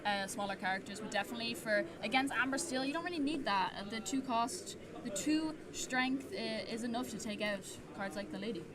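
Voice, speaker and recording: A woman co-commentating a card game tournament in a soft, trailing manner. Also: on the high side, fairly quick, hardly any pauses. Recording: crowd noise behind.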